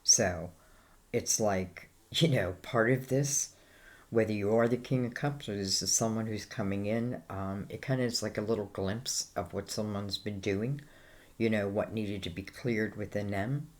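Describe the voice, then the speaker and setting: A woman's voice: very deep voice, measured pace, darkish tone. An Irish woman giving a casual, rambling tarot reading, full of fillers like "you know" and "I feel like". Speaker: tarot reader.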